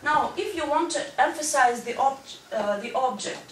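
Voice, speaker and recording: A woman's voice: sits high, expressive, moderate pace, hardly any pauses. A woman teaching an English grammar lesson to a class, explaining step by step and checking in with "right?". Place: school classroom. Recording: echoey classroom from far off with background noise.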